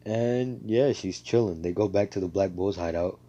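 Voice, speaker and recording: A man's voice: sits low, normal speed, mellow, muffled recording. A man casually telling a fan story, rambling with lots of fillers and swearing.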